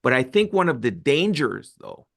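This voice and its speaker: A man's voice: medium pitch, sing-song, moderate pace, fairly bright tone. A man co-hosting a family podcast, talking reflectively and thinking aloud. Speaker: podcast co-host. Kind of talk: casual chat.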